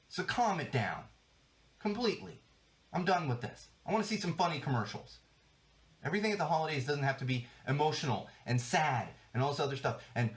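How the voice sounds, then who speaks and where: Fast-talking, animated male podcast ranter. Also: on the high side. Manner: exasperated, emphatic, swears, restarts a lot. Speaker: podcast host. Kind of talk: solo podcast rant. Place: studio.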